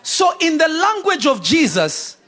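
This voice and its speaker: A man preaching a sermon to a church congregation, shouting out points and acting out quotes. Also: very high voice, huge pitch swings, measured pace. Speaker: pastor. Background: congregation responding.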